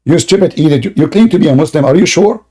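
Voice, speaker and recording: Combative high-voiced man, straining throat. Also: expressive, fast, warm tone, breathy edge. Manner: combative, insulting, repeats questions. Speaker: debate host. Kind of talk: heated online debate.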